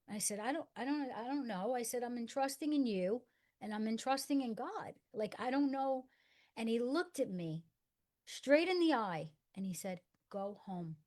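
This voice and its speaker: A middle-aged woman telling a personal story in conversation, acting out the dialogue and dropping to a hush for quoted lines. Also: a little high, animated, moderate pace. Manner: earnest storyteller acting out dialogue in hushed tones. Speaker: guest.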